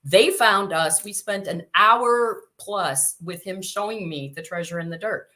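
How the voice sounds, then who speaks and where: A woman's voice: medium pitch, unhurried. A woman in her sixties from Chicago, a guest telling stories in a casual interview and acting out the voices she quotes. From Chicago, USA. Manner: animated storyteller who acts out quoted voices.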